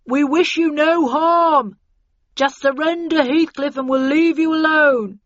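A woman voicing a menacing hostage-taker calling through a bullhorn, loud, slow and deliberate. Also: high voice, dry recording, highs cut off, voice pushed up. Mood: threatening. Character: cornered man on a bullhorn, menacing.

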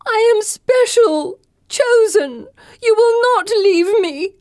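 A woman's voice: moderate pace, mellow, close to an everyday voice. A woman voicing a possessed young girl who wails that she is chosen. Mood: frenzied. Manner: high wailing cries. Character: possessed girl, wild and imperious.

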